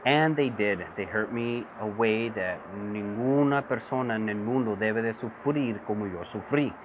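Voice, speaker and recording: This man's pitch is fairly low and his pace ordinary as he passionately repeats points in a political monologue, code-switching between English and Spanish. He's a vlogger, and the thin phone-quality audio picks up buzzing insects.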